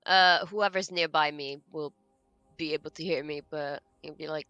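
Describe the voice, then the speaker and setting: A tabletop player speaks slowly and haltingly, stumbling over words. The voice is bright and the recording is dry, with faint music behind. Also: medium pitch, vocal fry, dry recording. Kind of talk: casual tabletop game chat.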